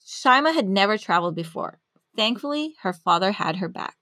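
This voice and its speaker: A woman's voice: medium pitch, expressive, fairly quick, bright, forceful tone, no echo, studio quality. A woman hosting a podcast who interviews scientists in a bubbly, enthusiastic, chatty way. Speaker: podcast host.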